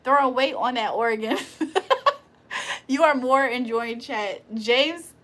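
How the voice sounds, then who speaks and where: A woman's slightly high, somewhat bright voice comes at a slow pace. On her casual livestream she reads chat aloud, jokes with profanity, laughs often, and teases viewers by putting on a mock-preacher voice.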